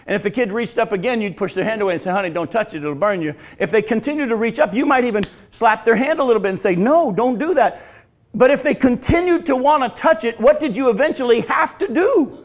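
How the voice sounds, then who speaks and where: A male pastor preaching a sermon, swinging from loud emphatic lines to hushed, slow, drawn-out phrases. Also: very high-pitched.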